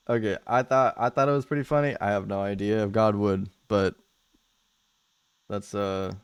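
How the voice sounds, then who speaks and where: A man's voice: fairly low pitch, fairly even intonation, moderate pace, clear, resonant tone, no room sound. A man hosting a live debate stream, talking in a laid-back, casual way with many filler words. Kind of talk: casual chat.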